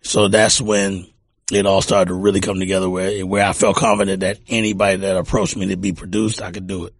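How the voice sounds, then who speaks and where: A man's voice: low voice, level tone, brisk, no echo. A middle-aged man from Texas, a music producer telling stories in a casual interview and often repeating words as he talks. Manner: rambling, repeats words, warm anecdotal.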